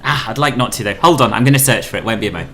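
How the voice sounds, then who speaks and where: Brief: chatty male streamer, lively and bright-toned. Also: medium pitch, racing, a little hiss or hum. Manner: chatty, greets viewers, laughs often. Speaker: flight sim streamer. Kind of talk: casual live-stream chat.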